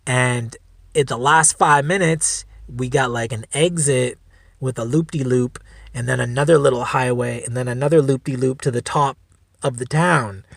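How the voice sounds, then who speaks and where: A man's voice: mid-range voice, normal speed, vocal fry, dry recording, clean studio sound. A man hosting a solo podcast, telling a story in a rambling, laid-back way, swearing freely. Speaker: podcast host. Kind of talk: casual storytelling.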